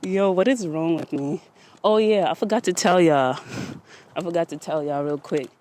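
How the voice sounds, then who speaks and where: A man's voice: on the high side, normal speed, a little mellow, slight background noise. A man hosting a solo podcast, talking in a casual, rambling way with plenty of slang, sounding out of breath. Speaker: podcast host.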